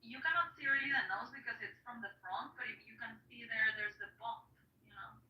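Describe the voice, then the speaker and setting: A woman's voice: on the high side, a little fast, echoey room, recorded from a distance, highs cut off. A woman gushing and giggling in a casual podcast chat, full of fillers.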